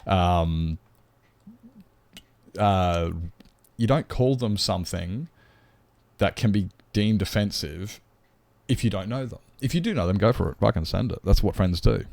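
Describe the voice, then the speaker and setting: Aussie guy rambling on stream, low gravelly voice, swears a lot, typing in the background. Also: measured pace, long pauses, darkish tone, no room sound. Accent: Australian. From Australia. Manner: blunt and sweary, rambling, chats to viewers while gaming. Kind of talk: casual live-stream chat.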